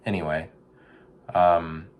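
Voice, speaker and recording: A man hosting a podcast, rambling in a deadpan comic monologue and now and then breaking into a loud mock pep talk. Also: deep voice, takes it slowly, narrow, tinny audio. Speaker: podcast host. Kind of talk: casual comedic monologue.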